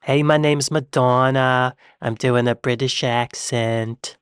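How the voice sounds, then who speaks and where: A man's voice: medium pitch, fairly even intonation, slow pace, fairly bright tone, clean tone, no room sound, clean studio sound. A man doing a mocking, singsong impression of a female pop star faking a British accent.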